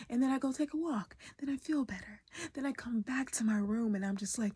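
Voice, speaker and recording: Woman, educator vlogger; very husky, fry-laden voice; emotional, candid, swears, half-whispers; dry close sound. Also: mid-range voice, normal speed, a little mellow, no room sound. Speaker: educator and artist. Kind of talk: raw confessional vlog.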